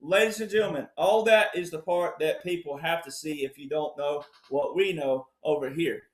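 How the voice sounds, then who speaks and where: A man giving emphatic political commentary as a panel guest, often addressing "ladies and gentlemen". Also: on the high side, moderate pace, roomy sound. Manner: emphatic, repeats "ladies and gentlemen", acts out voices.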